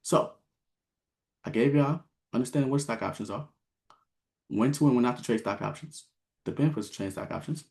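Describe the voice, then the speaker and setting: A man's voice: medium pitch, fairly quick, creaky, long pauses, darkish tone. A man coaching an online class, telling a story in a blunt, slangy way and acting out both sides of a conversation. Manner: blunt, slangy, repeats himself. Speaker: trading and credit coach.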